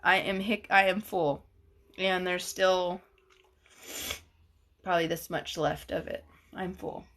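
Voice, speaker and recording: A woman's voice: lowish voice, steady tone, takes it slowly, long pauses, fairly bright tone. A woman, hosting a casual livestream, reading comments aloud in a chatty, giggly, gushing way. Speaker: livestream host.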